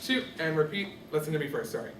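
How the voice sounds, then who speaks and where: A man's voice: fairly high pitch, animated, moderate pace, a bit bright. A man teaching a music class, patiently quizzing his students by name. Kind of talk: classroom instruction. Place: echoey classroom. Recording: distant echoey classroom with background noise.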